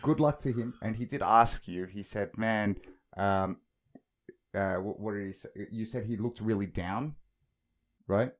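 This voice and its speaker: A man's voice: lowish voice, a little slow. A man co-hosting a casual podcast, telling stories with joking, swearing boasts. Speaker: podcast co-host.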